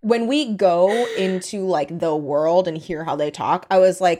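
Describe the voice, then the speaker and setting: A woman's voice: fairly low pitch, measured pace, warm tone. Chatty young woman co-host. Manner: chatty, lots of "like". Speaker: podcast co-host. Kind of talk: casual chat.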